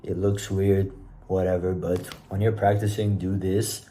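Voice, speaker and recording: Young man, very low and even voice, mellow tone, casual self-recorded tips. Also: a little slow, slight background noise. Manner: relaxed, conversational, self-deprecating. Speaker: presenter giving speaking tips. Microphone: self-recording camera.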